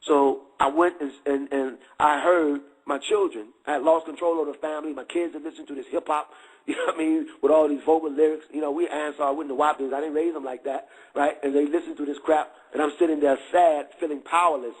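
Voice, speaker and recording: Brief: middle-aged man, raspy and a bit high, candid slangy testimony, keeps asking if you follow. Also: steady tone, a little fast, rough recording. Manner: streetwise slang, constant check-ins with listeners. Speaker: guest giving a testimony.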